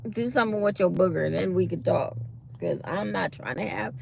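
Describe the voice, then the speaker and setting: A vlogger with a medium-pitched, gravelly, slightly mellow voice tells her viewers stories in a chatty, casual way at a moderate pace, with slight background noise. Her mouth is sore after dental work, and she speaks her mind.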